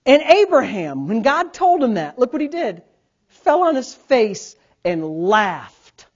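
Animated storytelling pastor, muffled sound. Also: male voice, very high voice, takes it slowly. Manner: storytelling, animated swings from quiet asides to loud, laughing bursts. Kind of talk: sermon. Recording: dull lo-fi sound.

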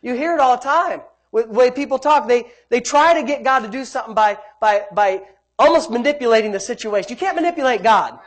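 A preacher delivering a sermon, swinging between loud emphatic bursts and quiet low asides, stretching key phrases and calling on the congregation. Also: expressive, brisk. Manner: repetitive, calls on the congregation.

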